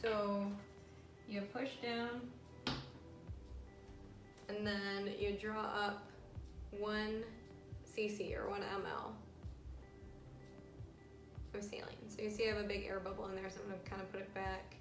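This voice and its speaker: A woman's voice: medium pitch, flat delivery, a little slow, pauses often. Chatty young woman in an echoey room. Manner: frank and chatty, many fillers. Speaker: vlogger sharing her fertility treatment. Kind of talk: casual explainer vlog. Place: room at home. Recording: echoey room, faint music.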